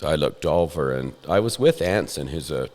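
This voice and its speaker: A man's voice: rumbling low, expressive, normal speed, a little mellow. A man hosting a podcast, telling a funny story in a self-deprecating way with chuckles. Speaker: podcast host. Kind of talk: storytelling in casual chat. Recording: roomy with long reverb.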